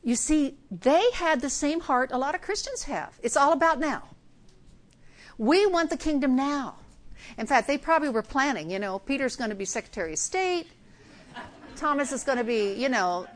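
An older woman giving a conversational sermon, acting out Bible scenes with humor. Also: high voice. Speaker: preacher.

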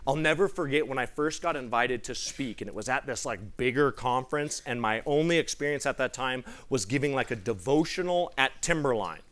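A man giving a sermon to a live gathering, telling a personal story in an excitable, animated way. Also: medium pitch, a little fast, few pauses. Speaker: preacher.

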